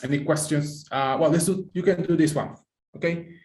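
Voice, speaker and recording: A man's voice: fairly high pitch, fairly even intonation, normal speed, a little mellow. A man teaching an online pronunciation class, encouraging students and praising them by name, with slightly non-native phrasing. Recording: echoey room.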